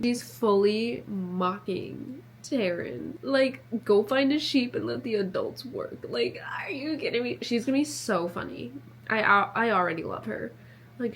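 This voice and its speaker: A woman in her twenties chatting casually in a reading vlog, excitable and full of fillers. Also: medium pitch, slight background noise. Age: 20s. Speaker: reading vlogger.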